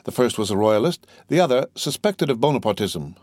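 A man reads a classic novel aloud as an audiobook narrator. His middle-pitched voice stays steady and measured. The recording is dry, with no room sound. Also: no room sound.

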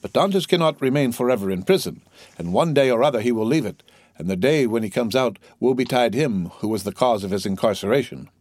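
A man's voice: mid-range voice, expressive, a little fast, darkish tone, no echo, clean studio sound, natural voice. A man voicing a scheming, envious male ship's clerk who speaks slyly and persuasively, in a storybook reading. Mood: calculating. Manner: sly, persuasive, mock-innocent.

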